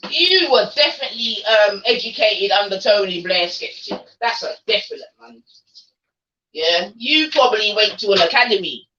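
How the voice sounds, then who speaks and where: A woman's voice: mid-range voice, animated, moderate pace, bright, forceful tone. A woman hosting a livestream, taunting and confronting a skeptic in casual slang. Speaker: livestream host. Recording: dull lo-fi stream audio.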